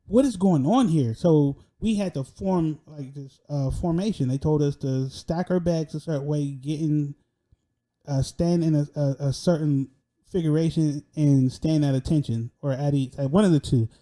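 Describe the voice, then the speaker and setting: A young man telling a personal story in an animated, slangy way, often laughing. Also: on the high side, normal speed.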